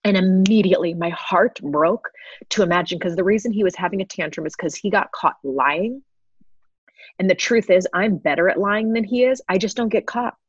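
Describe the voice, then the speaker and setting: A woman's voice: mid-range voice, normal speed, slightly rough, no room sound. A woman in her thirties, a guest sharing an earnest personal testimony with frequent laughs. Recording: slightly dull lo-fi recording.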